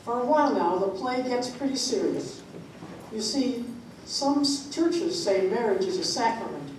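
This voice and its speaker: A woman's voice: a little high, lively intonation, a little slow, darkish tone. A folksy small-town stage manager chatting plainly to the audience, read by a woman. It is an amateur play reading, caught in an echoey room from a distance with noise underneath. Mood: easygoing. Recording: echoey room, mic far off, background noise.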